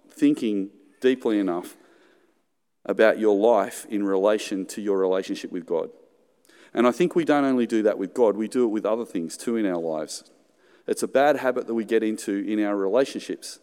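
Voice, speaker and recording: A man's voice: fairly low pitch, normal speed, dark tone. A middle-aged Australian man preaching a sermon in a conversational way, with joking asides and acted-out quotes. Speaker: pastor. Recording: hall reverb.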